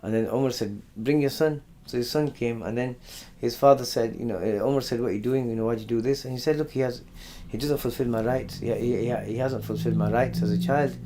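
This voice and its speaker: A man giving a conversational religious lesson. He often repeats words and clears his throat. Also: mid-range voice, brisk, hardly any pauses, mellow, slight background noise. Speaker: Islamic teacher. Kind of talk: religious lesson on Quran stories.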